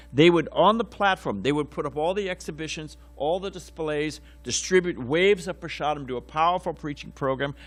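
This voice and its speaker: A man's voice: on the high side, fairly bright tone, no echo. An older man giving a casual morning class at a temple, telling anecdotes in a rambling way with many fillers and restarts. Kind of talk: informal temple lecture with anecdotes. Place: temple lecture hall.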